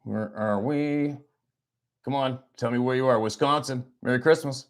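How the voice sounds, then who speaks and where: A man's voice: medium pitch, moderate pace. A man hosting a hunting channel, chatting casually on a livestream from a farmhouse, playful and teasing. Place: small farmhouse at Christmas.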